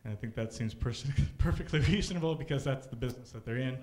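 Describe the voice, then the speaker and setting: A man hosting a stand-up comedy show on a comedy club stage, animated, bursting into shouted mock rants. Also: medium pitch, fast talker.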